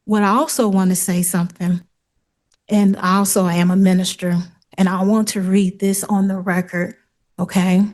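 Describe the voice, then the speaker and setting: A woman's voice: medium pitch, little pitch movement, moderate pace, a little mellow. A woman defending herself in a courtroom hearing, speaking in an insistent, earnest way and reading a prepared statement.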